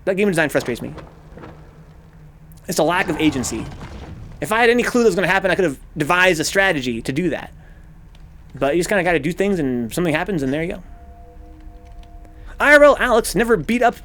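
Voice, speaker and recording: Animated, swearing gaming streamer man. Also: on the high side. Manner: animated, profane, rambling rants. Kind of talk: casual let's-play commentary.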